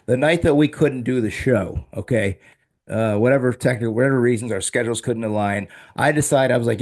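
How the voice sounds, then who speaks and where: Male host, casual chat, rambling and excitable, average pitch. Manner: rambling and excitable, quick restarts.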